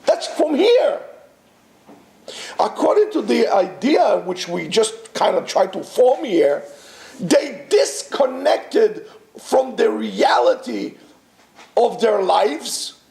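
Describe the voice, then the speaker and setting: High-pitched, gravelly man teaching a class. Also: slow pace, reverberant. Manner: animated, rhetorical questions, many restarts. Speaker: yeshiva teacher. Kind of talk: Torah class lecture. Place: classroom with students.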